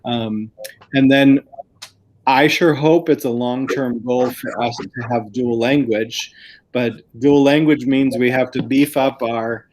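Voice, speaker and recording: A man's voice: medium pitch, fairly even intonation, takes it slowly, darkish tone. Earnest man explaining school plans. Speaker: school district administrator. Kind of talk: planning group discussion.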